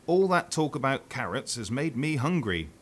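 A man's voice: medium pitch, sing-song, moderate pace, pitched above the performer's own voice. A man voicing a cheerful, chatty rabbit in a children's play. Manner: bright, listing.

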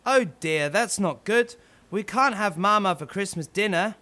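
Male reader as small eager elf, very high, bright and lively. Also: measured pace, exaggerated voice. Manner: excitable, high-pitched. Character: eager helpful little Christmas elf. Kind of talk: storybook character voice.

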